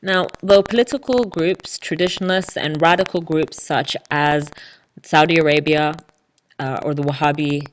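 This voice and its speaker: A woman's voice: deep voice, steady tone, moderate pace, a little hiss or hum, rough recording. A woman hosting a solo podcast, talking through prepared notes in an explanatory, lecture-like way with dry ironic asides. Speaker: podcast host.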